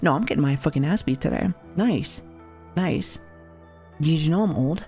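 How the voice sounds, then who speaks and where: A woman's voice: low voice, animated, moderate pace, dark tone, soft background music. A woman in her thirties streaming live, talking casually to her chat with lots of swearing and joking. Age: 30s. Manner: profane, joking, chatty with frequent laughs.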